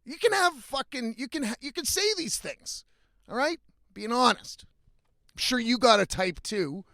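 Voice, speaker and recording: A young man with a fairly high voice rants bluntly about his life, swearing freely and sounding fed up. The sound is dry and close, with almost no room around it. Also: lively intonation, normal speed, bright, forceful tone, dry recording. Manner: profane, blunt, frequently exasperated. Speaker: vlogger. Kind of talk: casual storytelling rant.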